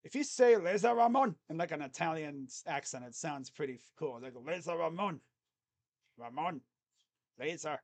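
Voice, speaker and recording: A young man doing live fan play-by-play, chatty and rambling, jumping to excited calls on each pitch. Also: a little fast, few pauses.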